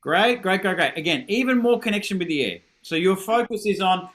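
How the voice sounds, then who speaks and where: Man, middle-aged, horn masterclass teacher, encouraging, high voice, video call audio. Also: animated, brisk, a bit bright. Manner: encouraging, self-deprecating, demonstrates with sung syllables.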